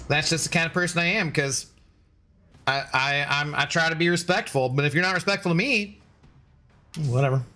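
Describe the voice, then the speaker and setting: A man's voice: fairly high pitch, bright, forceful tone. A man live-streaming a game, joking and bantering as he answers his chat. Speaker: gaming streamer.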